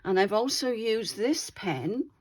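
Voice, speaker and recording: A woman's voice: on the high side, animated, slow pace, a little hiss or hum. A woman hosting a craft channel, chatting casually as she demonstrates her doodles and keeps checking in with viewers. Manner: chatty, often checks in with "all right?".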